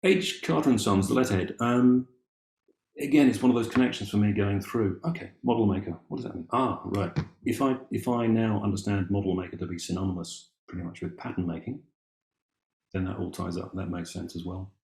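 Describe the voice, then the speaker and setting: An Englishman, an amateur family historian, presents a casual, musing talk while reading from old documents, wry and full of ums and restarts. His fairly low voice is brisk, a little mellow, with vocal fry, in an echoey room.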